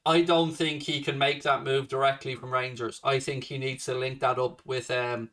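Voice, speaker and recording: A man's voice: mid-range voice, little pitch movement, normal speed, fairly bright tone, recorded from a distance. A man hosting a casual fan livestream, swearing heavily and ranting confrontationally at a viewer. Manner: swears a lot, confrontational rant at a commenter. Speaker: livestream host.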